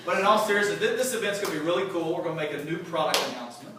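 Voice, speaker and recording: A sales executive addresses a crowd in a large, echoey hall at a company event, giving a casual motivational talk that's chatty, joking, and full of quizzes for the audience. His fairly high voice is animated and racing. The recording is echoey, with a far-off mic and background noise.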